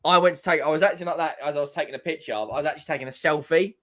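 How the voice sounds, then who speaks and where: A young man co-hosting a football fan livestream, telling animated, jokey stories in casual chat. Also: fairly high pitch. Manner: animated storyteller, jokey, quick restarts.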